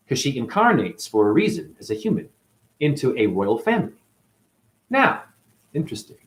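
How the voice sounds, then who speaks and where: A man teaches through a spiritual story, and his pitch leaps up and down. He keeps checking in with his listeners, and his delivery stays lively and conversational. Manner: lively, asks the audience questions. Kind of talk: animated storytelling talk.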